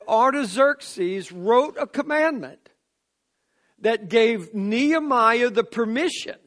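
High-voiced, slow-preaching man. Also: a bit bright. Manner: emphatic, rising to fervent declarations. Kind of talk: sermon.

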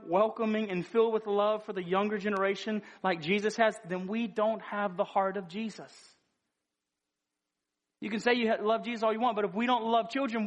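A man preaching a sermon in an earnest, conversational way, often restarting his sentences. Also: high voice.

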